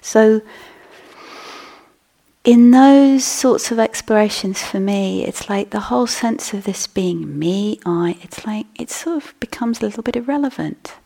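Woman teaching meditation, husky low-key voice, slips into whispers a lot, gentle talk. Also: animated, unhurried. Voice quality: husky, gravelly. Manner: soft, breathy, often drops to a whisper. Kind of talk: dharma talk. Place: meditation hall.

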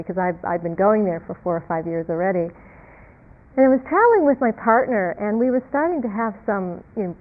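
Woman teacher giving a tinny dharma talk. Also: medium pitch. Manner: reflective, halting, repeats words, laughs softly. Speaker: meditation teacher. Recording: tinny phone-like lo-fi sound.

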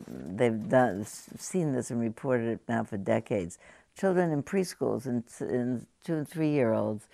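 A woman meditation teacher giving a conversational, halting talk to a group, often turning to ask the audience questions. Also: very deep voice, vocal fry, warm tone, no room sound, studio quality. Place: meditation hall.

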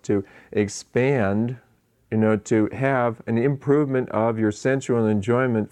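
A man's voice: mid-range voice, a little mellow. Laughing man giving a dharma talk. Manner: conversational, laughing, with many asides. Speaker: meditation teacher. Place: meditation hall.

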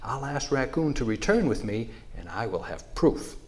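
A man voicing a timid, curious little female mouse in a spoken story, hesitant and soft. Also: medium pitch, very animated, moderate pace, natural voice. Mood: determined.

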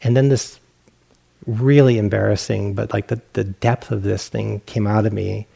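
A man's voice: fairly low pitch, steady tone, normal speed, vocal fry, warm tone, husky. A male meditation teacher giving a dharma talk, telling a personal story in a self-mocking way and acting out his own inner voice.

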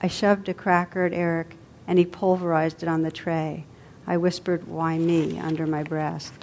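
A woman meditation teacher tells a story in a dharma talk. Her voice sits low for a woman, and her delivery is gentle and unhurried. She lets her phrases soften and fall away at the ends. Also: level tone, slight background noise.

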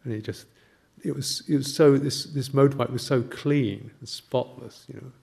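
An older man, a Buddhist monk, giving a gentle, halting reflective talk with anecdotes and soft laughs. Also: mid-range voice, fairly even intonation, vocal fry, breathy edge.

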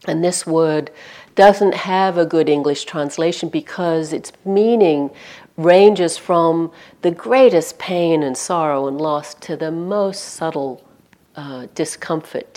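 A woman meditation teacher giving a conversational dharma talk at a retreat center, full of "you know" and dropping softly on key points. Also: low-pitched.

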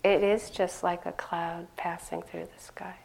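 An older woman giving a conversational dharma talk as a meditation teacher, laughing often and growing animated as she tells stories. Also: lowish voice, measured pace, gravelly.

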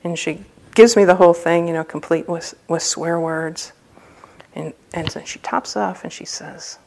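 A woman's voice: lowish voice, unhurried, vocal fry, darkish tone, slight background noise. A woman meditation teacher giving a dharma talk at a retreat center, telling a personal story in a humorous, loose, conversational way.

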